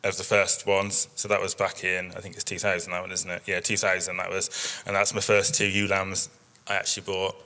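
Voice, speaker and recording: Bright-voiced man telling stories. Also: sits low, completely flat delivery, brisk. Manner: chatty storytelling with many fillers. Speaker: sheep breeder giving a workshop talk. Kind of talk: presentation with slides.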